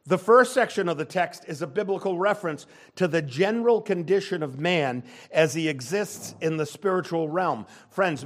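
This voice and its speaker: An older man preaching a sermon as pastor, emphatic, swinging between forceful declarations and quieter asides. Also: fairly high pitch.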